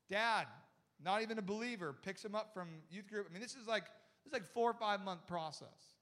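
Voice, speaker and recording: A young man preaching a sermon with a high voice. He tells a story with animated energy, quoting people in quick bursts and repeating words as he goes. His delivery jumps between loud, excited moments and hushed asides. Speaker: pastor.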